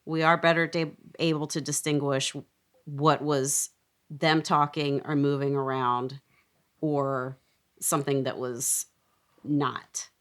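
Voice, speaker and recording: Low-voiced, dry-humored woman. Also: little pitch movement, slow pace. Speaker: podcast co-host. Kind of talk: casual chat.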